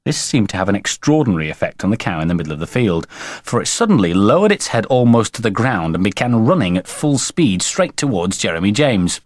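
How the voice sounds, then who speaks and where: Low-voiced man reading a storybook. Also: fairly quick, dry recording, studio quality. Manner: playful, expressive reading. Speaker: audiobook narrator. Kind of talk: storybook narration.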